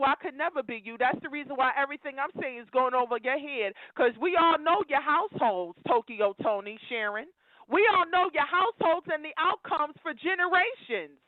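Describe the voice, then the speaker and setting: A woman with a high-pitched voice calls in to a live show and rants, preaching emphatically and lecturing listeners directly. She comes through a phone on a tinny, dry line.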